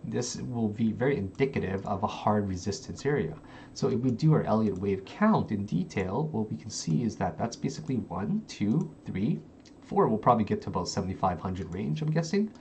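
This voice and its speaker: A man's voice: fairly low pitch, animated, brisk, vocal fry, a little mellow, slight background noise, rough recording. A man giving casual live-streamed chart analysis from home into a desk microphone, chatty and constantly addressing his viewers as guys. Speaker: crypto trading streamer.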